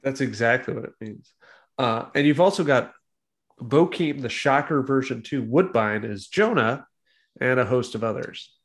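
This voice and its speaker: A man's voice: medium pitch, lively intonation, normal speed. A man co-hosting a casual film-review chat, sardonic and teasing, trading mock insults while defending the movie. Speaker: podcast co-host reviewing a film.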